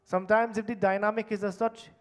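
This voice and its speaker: A man preaching a sermon at a temple, stressing words strongly and dropping to hushed, low phrase endings. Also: flat delivery, fast. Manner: emphatic, swinging between loud stresses and hushed low endings. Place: temple hall.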